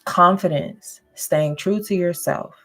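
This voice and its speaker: A woman's voice: on the low side, slow, a bit bright, faint music behind. A woman giving a casual, goofy tarot and astrology reading, laughing often and checking in with listeners. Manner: addresses listeners directly, checking in with "okay?".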